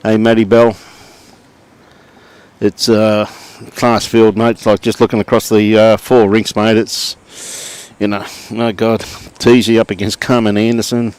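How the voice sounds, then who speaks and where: A middle-aged man with an Australian accent calls a lawn bowls match live in an easygoing, chatty way. His voice sits a little low. Between shots he greets viewers by name. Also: little pitch movement, a little slow, a little mellow, clean tone. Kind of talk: live sports commentary and chat to viewers.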